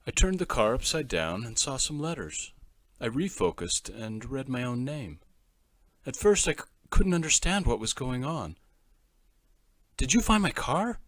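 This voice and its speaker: Expressive man narrating a children's story. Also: medium pitch, normal speed, dry recording, clean studio sound.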